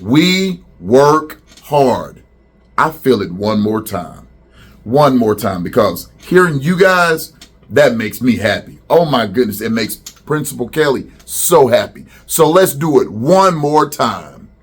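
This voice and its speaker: A man's voice: mid-range voice, animated, unhurried, slightly rough. A middle-aged man, a school principal, addressing students in a welcome video and leading them in call-and-response chants.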